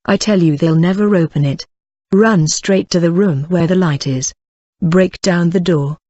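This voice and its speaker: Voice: mid-range voice, measured pace, warm tone, dull audio, lightly acted. An audiobook reader voicing a terrified but defiant young boy who cries out accusations and calls for help, read from a storybook. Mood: shrieking.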